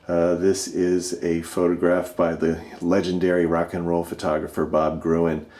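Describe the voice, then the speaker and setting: Low-voiced man giving a home tour. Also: monotone, moderate pace. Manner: warm, fond, many fillers, trails off softly at ends of thoughts. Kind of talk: casual home tour narration. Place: inside his house, moving through rooms.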